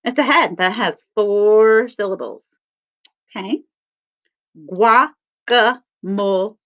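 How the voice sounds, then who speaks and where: A woman teacher reading a picture book aloud to children, stressing each word slowly in a sing-song way. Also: medium pitch, animated. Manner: slow, sing-song emphasis on words. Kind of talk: read-aloud lesson for children. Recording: dull lo-fi sound.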